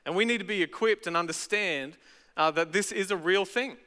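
A man's voice: sits high, brisk, sharp tone, smooth. A man with an Australian accent preaching a sermon as pastor, talking in a chatty, conversational way with casual asides. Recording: echoey hall.

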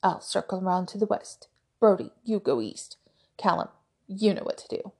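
A woman's voice: medium pitch, expressive, moderate pace, darkish tone, husky. A woman reading the lines of a commanding eldest brother who growls his orders, in an audiobook. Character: gruff eldest brother, a werebear man.

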